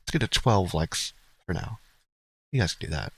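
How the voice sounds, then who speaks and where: A man's voice: deep voice, animated, moderate pace, creaky, breathy edge, no room sound. A man hosting a live stream, cracking wry jokes and talking to his chat between arguments. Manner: wry, joking asides to chat. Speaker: streamer host.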